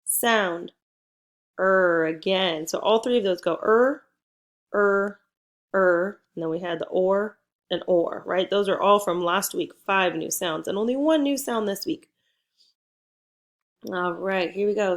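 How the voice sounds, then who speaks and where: Young female first-grade teacher, unhurried phonics drill, gravelly texture, encouraging. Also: medium pitch. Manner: slow, patient prompting with encouraging praise. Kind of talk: phonics lesson for young children.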